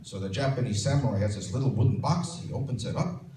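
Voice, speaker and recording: Roomy, distant man doing lively stand-up. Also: medium pitch, quick pace. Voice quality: lively, punchy delivery with asides to the audience. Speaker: stand-up comedian. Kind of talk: stand-up jokes as an impression of a famous comedian. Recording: roomy sound from a distant mic with faint noise.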